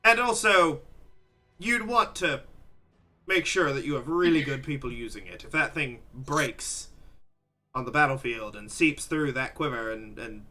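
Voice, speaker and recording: A man narrating as game master of a tabletop game in a relaxed, descriptive way. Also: medium pitch, unhurried, soft background music.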